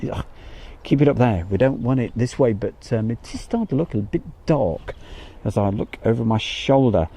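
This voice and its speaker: A man's voice: mid-range voice, expressive, normal speed, mellow, breathy edge. Chatty English man streaming outdoors. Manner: chatty, reads out viewer comments, laughs easily. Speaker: livestream host. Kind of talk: casual livestream chat. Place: outdoors near an airfield.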